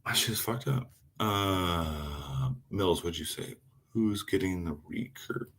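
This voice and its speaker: Profane, animated male knifemaker streaming. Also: low voice, slow pace. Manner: profane, rambling, answers chat. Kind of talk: casual live-stream chat.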